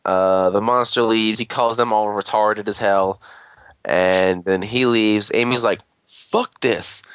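A man's voice: lowish voice, steady tone, measured pace, fairly bright tone, smooth, no echo, lo-fi sound. A man on a podcast recapping a show episode in a rambling, crude casual way, full of fillers and quoted lines. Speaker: podcast host.

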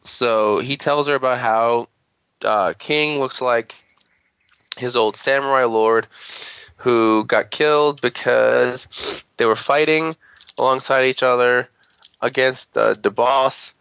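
A man's voice: medium pitch, takes it slowly, fairly bright tone, smooth, no echo, highs cut off. Rambling, crude man recapping a show. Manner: rambling, crude, many "uh"s and quoted voices. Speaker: podcast host. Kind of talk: casual episode recap.

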